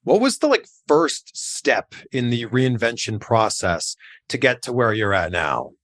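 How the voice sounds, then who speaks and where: A man's voice: medium pitch, big pitch swings, measured pace, fairly bright tone. A man hosting a podcast, asking casual conversational questions. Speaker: podcast host. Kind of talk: interview questions.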